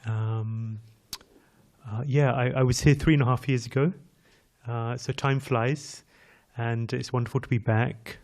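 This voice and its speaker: Visiting English preacher, male, mid-pitched, easygoing sermon that draws in the crowd with questions. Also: steady tone, unhurried, darkish tone. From England. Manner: chatty, addresses the audience directly with questions. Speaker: visiting speaker at a temple class. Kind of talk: conversational sermon.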